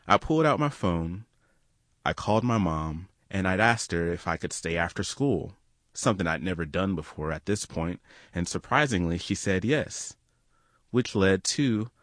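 A man's voice: low voice, fairly bright tone, no echo, clean studio sound. A young man telling an earnest, reflective personal story to an audience. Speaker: storyteller and guest.

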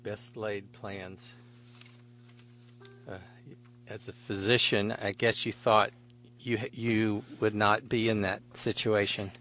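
A man hosting a radio interview, asking a question in a calm, flat way. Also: on the low side, takes it slowly, long pauses, soft background music. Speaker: radio host.

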